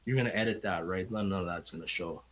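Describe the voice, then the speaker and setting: A man's voice: deep voice, fast. Man, middle-aged, podcast guest, rambling, heartfelt storyteller, muffled audio. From Canada. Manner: rambling, heartfelt, acts out quoted people. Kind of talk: casual storytelling interview. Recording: slightly dull lo-fi audio.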